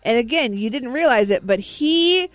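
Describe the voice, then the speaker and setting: A woman's voice: on the high side, lively intonation, normal speed, dry recording. A woman from the US Midwest co-hosting a radio show, teasing her co-host and laughing often in casual banter. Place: radio studio. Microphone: studio mic.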